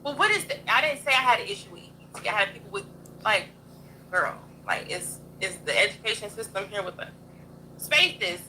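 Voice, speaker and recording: A woman's voice: mid-range voice, expressive, fairly quick, pushed and bright, a little hiss or hum, low-quality recording. A young adult woman hosting a livestream, ranting in a blunt, profane, combative way. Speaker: livestream host. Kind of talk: heated livestream rant.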